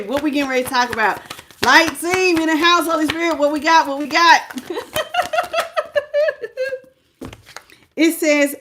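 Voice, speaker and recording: A middle-aged woman hosts a live tarot reading, speaking in a high, bright voice. She is animated and exclamatory, laughs often, and greets her viewers by name as she draws the cards. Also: a little hiss or hum. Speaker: tarot reader.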